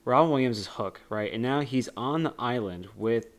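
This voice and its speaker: A man's voice: medium pitch, normal speed. A young man co-hosting a podcast, recapping a movie in a rambling, joking way with frequent laughs. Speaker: podcast co-host. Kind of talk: casual movie discussion.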